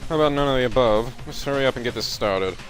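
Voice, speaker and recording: A man's voice: medium pitch, quick pace, faint music behind. A man hosting a video game let's play, reading the game's text with dramatic flair and commenting casually, swearing and laughing.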